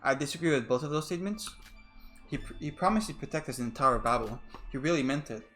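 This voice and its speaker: A man's voice: mid-range voice, quick pace, a bit bright, faint music behind. A man playing a story game who reads its dialogue aloud in a plain voice and drops blunt asides of his own. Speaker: let's player.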